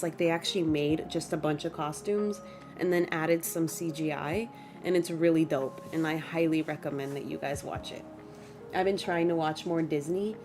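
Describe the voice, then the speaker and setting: A woman's voice: fairly low pitch, a little mellow. A young woman streaming from home, chatting casually and expressively with her viewers, dramatic about small things and dropping Spanish phrases into her talk. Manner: self-mocking, dramatic complaints. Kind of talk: casual livestream chat with viewers. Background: faint background music.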